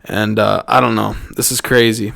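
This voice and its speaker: This podcast host is a young Canadian man whose voice sits on the low side, a little bright and creaky, with flat delivery at a moderate pace. Alone on the mic, he rambles, curses, and breaks off sentences to begin again.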